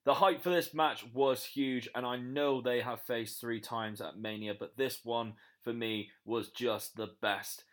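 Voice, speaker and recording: Young british guy hyping his pick on a podcast, upbeat, middle pitch. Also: fairly even intonation, measured pace, few pauses. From Britain. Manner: upbeat, promotional. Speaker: guest podcaster. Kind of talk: pre-recorded podcast segment.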